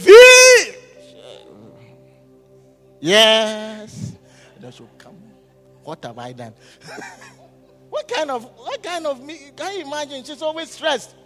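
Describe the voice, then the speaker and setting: A man preaching a sermon as pastor, often asking the congregation questions and waiting for them to answer. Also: extremely high pitch. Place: church hall. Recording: hall reverb with faint music.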